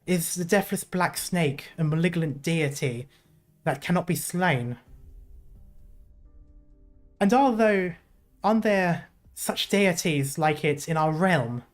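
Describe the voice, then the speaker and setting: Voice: mid-range voice, slow pace, long pauses, soft background music, close to an everyday voice. A streamer voicing a stern male emperor with a put-on British accent, reading a game story aloud in a solemn, formal way. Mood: grave.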